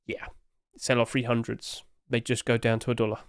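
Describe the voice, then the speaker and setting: A man's voice: mid-range voice, little pitch movement, moderate pace, smooth, no echo. Chatty man with a dry close sound. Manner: chatty, hedging, apologetic asides. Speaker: host. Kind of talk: casual commentary.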